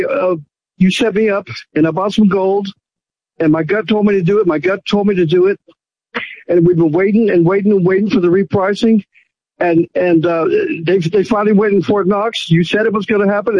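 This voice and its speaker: A man phoning in to a radio show, gushing in an effusive rush with stumbles and restarts. His voice sits high for a man and comes through a dull, lo-fi line. It is dry, with no room behind it. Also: a little mellow, dry recording. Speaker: caller. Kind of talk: phone-in radio call.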